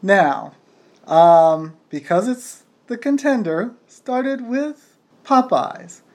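A man co-hosting a casual podcast in a playful way, at times slipping into a booming ring-announcer bit. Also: expressive, drawn-out words, darkish tone. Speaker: podcast co-host.

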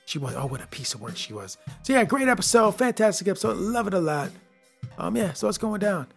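Guy hosting a solo podcast, kinda high gravelly voice, rambly and chatty, faint music behind. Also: very animated, brisk, fairly bright tone. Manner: rambling, chatty, with frequent restarts. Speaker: podcast host. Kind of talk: casual solo episode review.

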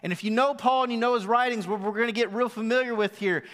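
Male pastor, high voice, emphatic live sermon, long hall reverb. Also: a bit bright. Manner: emphatic, slows down for dramatic rhetorical questions. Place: church hall.

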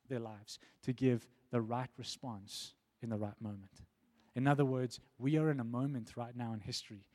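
A man's voice: medium pitch, a little mellow. Earnest man preaching a sermon. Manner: earnest, repeats words, rising emphasis.

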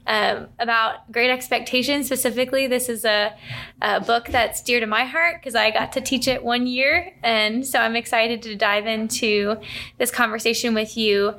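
A woman's voice: on the high side, steady tone, moderate pace. A young woman hosting a podcast, introducing her guest and asking questions with enthusiasm. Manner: warm and enthusiastic. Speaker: podcast host. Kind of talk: podcast interview.

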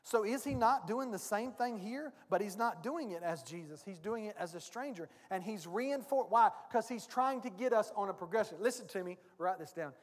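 A pastor preaching to his congregation in a very high voice. He talks in a folksy way and keeps throwing rhetorical questions at the room. His voice rings out with the long reverb of a church hall. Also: expressive, normal speed, hardly any pauses. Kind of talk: sermon. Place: church sanctuary.

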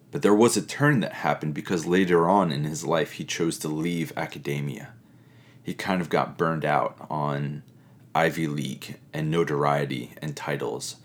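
A middle-aged man, a pastor, giving an earnest, reflective teaching talk with pauses and fillers. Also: low-pitched.

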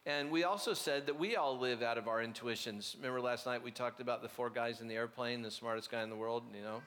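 A man preaches in a loose, chatty sermon style, weaving in stories and asides. His voice sits at an ordinary pitch and carries a long hall reverb. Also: fast talker, a bit bright, a little hiss or hum. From Orange County, California. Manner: conversational, anecdotal, with frequent asides and restarts. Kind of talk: sermon with storytelling.

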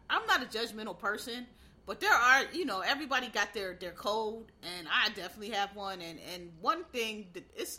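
A woman's voice: fairly high pitch, sharp tone. A woman from Philadelphia, ranting in a blunt, profane, heated way in casual commentary.

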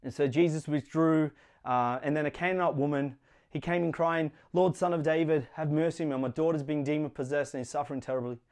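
A man's voice: fairly high pitch, fairly even intonation, fairly quick, a little mellow. A young adult man preaching a sermon in an earnest, conversational way, with playful asides.

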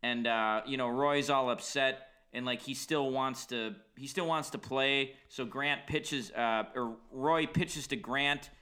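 A man's voice: medium pitch, a little slow, hardly any pauses, pushed and bright. A man co-hosting a casual podcast, retelling a film's plot in a loose, conversational way with many fillers. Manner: loose, uses many fillers, sympathetic asides. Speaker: podcast co-host. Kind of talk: casual movie recap chat.

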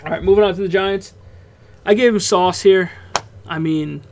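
High-voiced man talking football casually. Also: moderate pace, slight background noise. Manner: relaxed, swears freely, breaks off into laughs. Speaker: podcast co-host. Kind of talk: casual sports chat.

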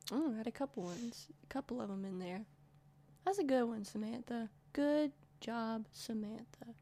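A woman's voice: fairly high pitch, moderate pace, warm tone. A woman with a Southern US accent co-hosting a podcast, teasing her friend in playful casual chat. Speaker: podcast co-host.

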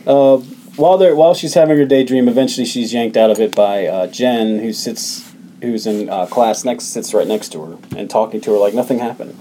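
A man's voice: mid-range voice, a little fast, a little hiss or hum, poor audio. A man co-hosting a podcast, casually recapping a film's plot with plenty of uhs and likes. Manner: relaxed storytelling, hedges with uh and like. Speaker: podcast co-host recapping the film.

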